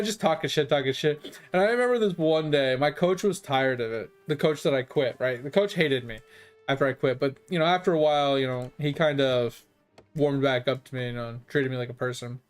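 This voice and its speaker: A man streaming a game and casually telling a long, rambling story, swearing freely and chuckling as he goes. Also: on the high side.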